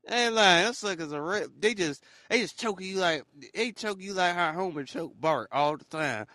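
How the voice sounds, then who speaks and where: A young man riffs through a casual motivational monologue, joking and laughing as he mocks the haters. His voice sits a little high and sounds bright and forward. The recording is dry and close. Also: lively intonation, normal speed, dry recording. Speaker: podcast host.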